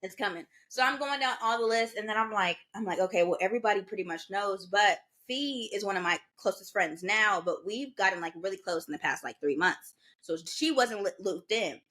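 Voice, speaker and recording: This podcast co-host, a woman in her twenties, has a mid-range voice and a moderate pace. In a casual chat she tells stories with energy, slipping into impressions of the people she quotes.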